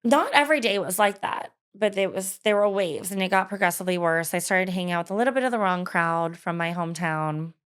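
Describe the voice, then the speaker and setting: A woman's voice: fairly low pitch, lively intonation, brisk, hardly any pauses, a bit bright, smooth. A woman in her thirties telling her personal story in an interview, candid and hesitant, with frequent fillers and laughs. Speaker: guest.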